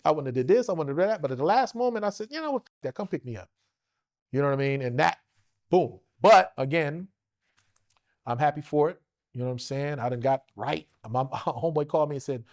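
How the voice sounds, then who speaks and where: A middle-aged man from Los Angeles, a guest telling stories in a casual, profane interview and acting out the voices of people he quotes. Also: on the high side. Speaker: actor guest.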